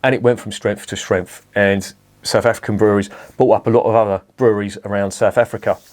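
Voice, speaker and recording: A man's voice: fairly low pitch, steady tone, fast, a little mellow. Rambling, swearing man reviewing beer. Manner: swears freely, rambling asides and restarts. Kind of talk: casual rambling monologue.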